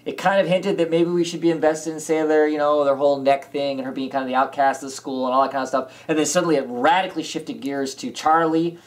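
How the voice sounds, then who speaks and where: A man's voice: on the high side, fairly even intonation, fast talker, few pauses. A man co-hosting a casual comic book chat, rambling and hesitant, with frequent restarts. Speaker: podcast co-host. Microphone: camera mic.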